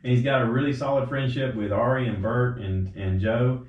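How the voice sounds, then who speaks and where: A man's voice: mid-range voice, moderate pace. A man hosting a casual podcast, rambling through stories and acting out quotes with sudden jumps in his voice. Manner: rambling storyteller, quotes others with animated voice jumps. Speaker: podcast host. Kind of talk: casual chat. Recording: roomy, slightly dull home recording.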